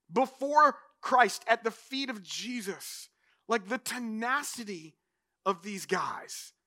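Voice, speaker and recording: Bright-voiced, animated man preaching. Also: high voice. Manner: conversational, animated preaching with frequent "like". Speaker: pastor. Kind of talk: sermon.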